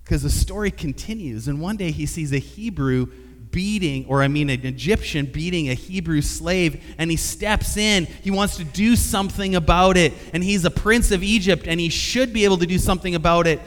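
Man preaching with an animated storytelling manner, fairly high voice, long hall reverb. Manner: animated storytelling, acting out dialogue. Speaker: pastor. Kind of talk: sermon.

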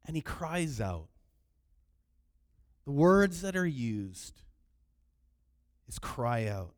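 A man preaching a sermon in an animated way, sometimes raising his voice to act out the people in his story. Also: medium pitch, extremely slow. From Canada. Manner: animated preaching, acting out quoted cries loudly. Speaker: pastor.

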